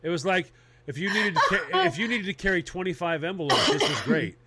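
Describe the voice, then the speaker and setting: A man telling a comic personal story in casual chat, animated and laughing as he talks. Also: sits high, brisk, noisy background.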